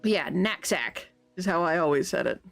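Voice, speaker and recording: A woman streaming a game, reading its text aloud and telling stories in a chatty, animated way. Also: normal speed, creaky. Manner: chatty, animated storytelling with sudden pitch jumps. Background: background music.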